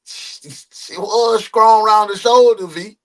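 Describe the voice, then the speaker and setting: A man with a Southern accent hosting a live reaction stream, joking loudly and calling out to his chat. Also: sits high, measured pace. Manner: loud, joking, calls out to chat. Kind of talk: casual live-stream commentary.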